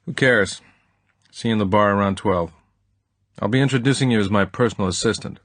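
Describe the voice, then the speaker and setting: A man's voice: fairly low pitch, brisk, fairly bright tone, no room sound. A man voicing a touchy, menacing male hitman with a curt, threatening manner. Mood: brusque.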